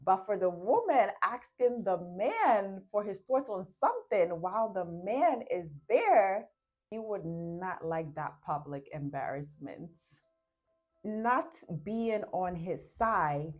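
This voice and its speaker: A woman's voice: mid-range voice, very animated, takes it slowly, a little mellow, soft background music. A woman giving relationship advice to camera in a casual talk. She explains with everyday examples, acts out little quotes, and often checks in with "right?".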